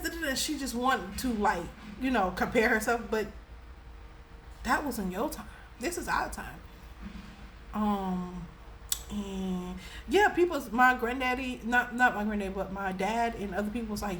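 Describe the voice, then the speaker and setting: Animated, laughing young woman telling a story. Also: normal speed, a little hiss or hum. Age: young adult. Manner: animated and laughing, with dramatic pitch jumps. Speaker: storyteller, vlogger. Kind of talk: casual storytime vlog.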